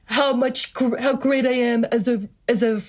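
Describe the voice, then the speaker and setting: A woman doing an impression of a boastful, hyperbolic man politician, with breathy pursed-lip delivery over a noisy recording. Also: a little high, steady tone, moderate pace, lightly acted.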